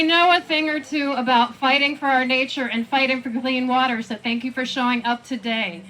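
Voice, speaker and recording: A woman from South Florida who heads an environmental group gives a lively, rousing speech to a crowd at an outdoor rally. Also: high voice, normal speed, few pauses, heavy background noise. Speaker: executive director of an environmental group.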